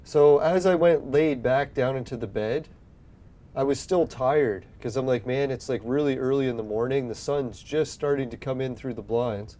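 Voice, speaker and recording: Mellow-voiced man rambling through a story. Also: medium pitch, moderate pace. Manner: rambling, swears often, acts out his own past lines. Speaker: gaming video host. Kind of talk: casual storytelling while playing a game.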